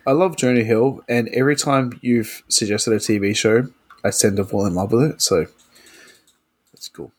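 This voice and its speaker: A man hosting a casual podcast, a few beers in and easygoing as he reads the announcements. His voice is husky and sits fairly low. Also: fairly even intonation, moderate pace. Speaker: podcast host.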